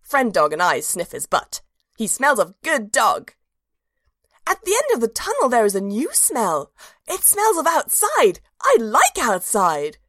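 A woman's voice: fairly high pitch, wildly swooping pitch, a little slow, fairly bright tone, no room sound, studio quality, exaggerated voice. A woman narrating a storybook in the voice of a cheerful, simple-minded little dog, earnest and childlike.

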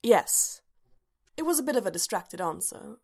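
A woman narrating a story aloud in a calm, even voice. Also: mid-range voice, quick pace, vocal fry, husky. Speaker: story reader. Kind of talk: scripted narration.

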